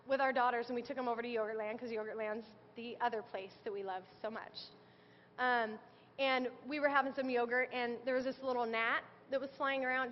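Female preacher in her thirties, high voice, earnest and chatty delivery, sermon recorded in a big echoing church with a muffled sound. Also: slight background noise. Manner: earnest, conversational preaching with scripture quotes. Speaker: speaker sharing testimony. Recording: dull sound with long hall reverb.

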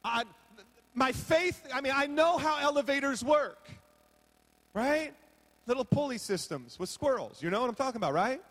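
A man's voice: extremely high pitch, fairly bright tone, big-room sound. A man preaching a sermon as pastor from a podium, telling stories with humor and acting out his own reactions. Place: large hall with a podium.

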